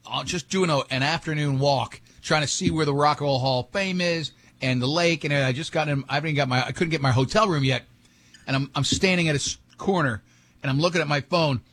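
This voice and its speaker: Radio host, male, husky voice, rambling anecdotes in loose studio banter. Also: fairly high pitch, fairly bright tone. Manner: rambling storyteller, many restarts.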